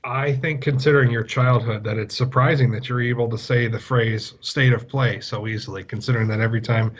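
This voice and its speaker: A young man co-hosting a gaming podcast in casual chat, delivering dry, deadpan, crude jokes. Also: mid-range voice, a little fast. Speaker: podcast co-host. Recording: dull remote audio with faint noise.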